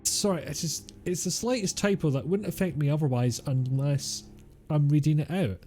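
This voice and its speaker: A man's voice: a little high, normal speed, warm tone, soft background music. Wry man streaming a game. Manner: chatty, wry asides. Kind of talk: let's play commentary.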